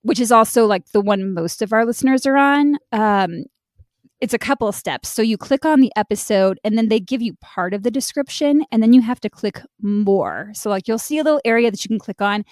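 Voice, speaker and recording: Laid-back female podcast co-host, slightly high voice, dry and close, swears casually. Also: brisk, a little mellow, dry recording. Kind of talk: casual chat.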